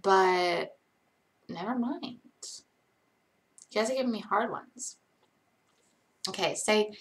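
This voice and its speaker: A young woman hosts a casual late-night live Q&A from home, chatting and rambling while often poking fun at herself. Her mid-range voice moves at a slow pace, with frequent pauses.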